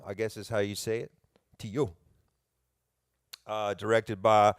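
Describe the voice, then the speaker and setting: Rambling Southern US podcast host. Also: male voice, on the low side, little pitch movement, unhurried, long pauses, clean tone, no room sound, clean studio sound. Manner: rambling, chatty, self-deprecating. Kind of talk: casual podcast monologue.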